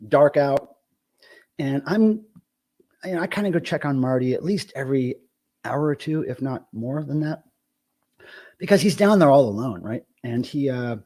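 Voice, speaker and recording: A man hosting a live stream, telling a story in a casual, profane, excitable rant. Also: medium pitch. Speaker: live show host.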